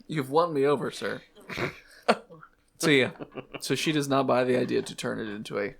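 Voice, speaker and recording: Man, game master, easygoing narration, gravelly tone. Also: mid-range voice, normal speed. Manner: laid-back, laughing often while narrating.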